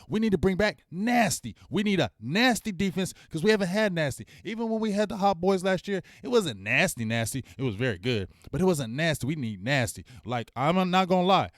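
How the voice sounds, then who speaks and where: A man's voice: a little high, dry recording, clean studio sound. A man hosting a casual sports talk show, speaking in an emphatic, slangy way and repeating his points for effect.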